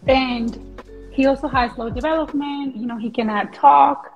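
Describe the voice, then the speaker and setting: A young woman with a fairly high voice answers interview questions as a pageant contestant. She speaks earnestly and softly, often stopping to apologize, and faint music plays in the background. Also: steady tone, normal speed, poor audio. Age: young adult. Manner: earnest, soft-spoken, apologetic.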